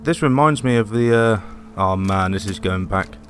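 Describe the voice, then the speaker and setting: Sweary, excitable gaming commentator man. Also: fairly low pitch, normal speed, slight background noise. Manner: sweary, excitable, yelps during fights. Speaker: gaming video host. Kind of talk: let's play commentary. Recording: voice over game audio with music.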